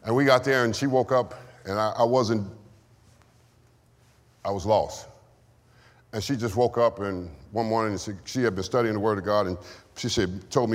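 A man's voice: fairly low pitch, moderate pace, pauses often. A man preaching a sermon and giving testimony, with call-and-response lines to the congregation. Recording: long hall reverb.

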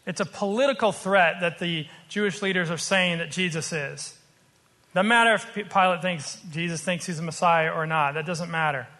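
A man preaching a sermon, earnest and explanatory, slowing down to stress his points. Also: high-pitched, sharp tone, long reverb tail. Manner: earnest, explanatory, slows for emphasis.

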